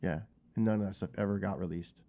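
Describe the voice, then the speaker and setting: A man in his fifties, a guest guitarist in a casual interview, telling lively stories with frequent restarts. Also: sits low, fast talker, gravelly.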